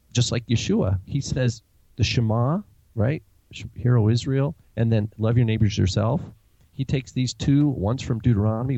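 A man's voice: on the low side, gravelly, mellow, slightly rough, dry recording, highs cut off. A man from the Pacific Northwest, with its accent, teaching on a podcast and explaining scripture while thinking aloud with many fillers. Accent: Pacific Northwest American. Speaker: co-host.

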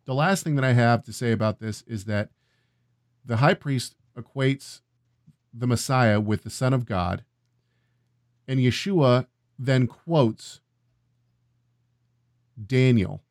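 A man's voice: medium pitch, slow, long pauses, dry recording, studio quality. Man thinking aloud over scripture. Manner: thinking aloud, reading passages, many "right?" checks. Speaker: co-host of a Bible discussion. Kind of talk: casual scripture discussion.

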